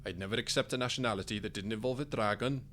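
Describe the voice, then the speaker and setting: A man's voice: on the low side, fast talker, a bit bright, a little hiss or hum, natural voice. A man voicing a seasoned team leader with a faded Welsh accent and a dry, commanding manner.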